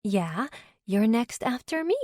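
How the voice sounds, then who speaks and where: A woman's voice: a little high, big pitch swings, takes it slowly, darkish tone, no room sound, voice pushed up, exaggerated voice. Woman reading outspoken curious young woman, frank, dry audiobook mic.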